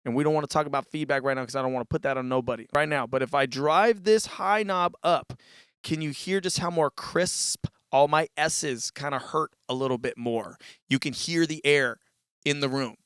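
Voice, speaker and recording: A fairly high-pitched man speaks at a normal speed with a slightly bright, clear, resonant tone, recorded dry at studio quality. He's a music tutorial host giving a casual, loose demo on a live mixer, saying "dude" a lot and showing things with his own voice through a vocal mic. His manner is laid-back throughout.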